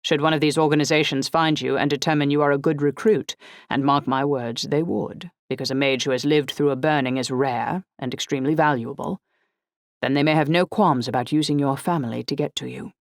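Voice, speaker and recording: A woman voicing a formal, precise older man who speaks in clipped, measured sentences. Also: sits low, fairly even intonation, no echo. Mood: urgent. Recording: dry close audiobook recording.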